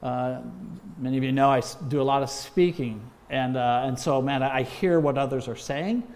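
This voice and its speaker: A man's voice: mid-range voice, steady tone, normal speed, darkish tone. A man, a former missions pastor, giving an emphatic training talk full of exhortation and frequent "uh"s.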